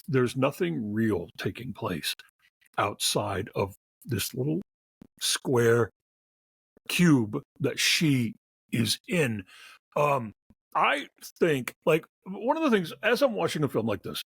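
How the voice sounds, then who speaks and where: A man co-hosting a casual movie review chat, animated and laughing as he acts out scenes. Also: on the high side, slow pace, vocal fry, slightly rough, no room sound. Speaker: film critic co-host.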